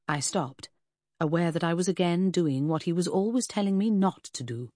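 A woman narrating a first-person audiobook in a measured, expressive way. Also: on the low side, no echo, clean studio sound.

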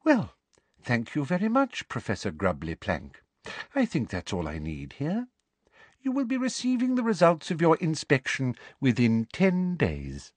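A man voicing a sugary, menacing middle-aged woman official who speaks softly and with cold politeness. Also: a little high, wildly swooping pitch, measured pace, dry recording, voice pushed up, full character voice. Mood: soft menace. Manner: soft, prim, coldly polite.

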